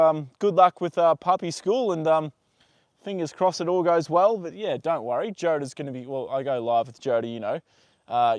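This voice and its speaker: Outdoors with a horse, a livestream host chats in an easygoing, rambling way, reading out viewer comments and using lots of fillers. He speaks at a fairly high pitch with no room sound, recorded on a phone on a tripod.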